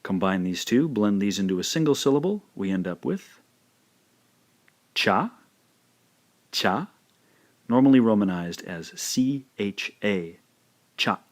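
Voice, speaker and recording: A man giving a scripted language lesson, speaking slowly and carefully and repeating each sound. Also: lowish voice, expressive, a little mellow. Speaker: language teacher.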